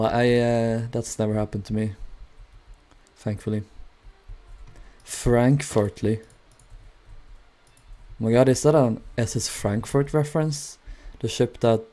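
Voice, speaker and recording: A man in his twenties streaming a building game, rambling casually and answering chat between pauses. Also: on the low side, little pitch movement, warm tone. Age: 20s. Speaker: Minecraft streamer.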